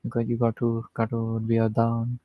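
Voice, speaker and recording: A man's voice: mid-range voice, completely flat delivery, moderate pace, no room sound, phone-quality sound. A man hosting a livestream in casual, profane, rambling chat, chuckling often. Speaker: livestream host.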